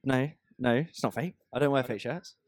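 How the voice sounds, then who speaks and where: A man's voice: mid-range voice, normal speed, no echo, studio quality. A young man in his twenties co-hosting a casual podcast, chatty and jokey, laughing often. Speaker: podcast co-host.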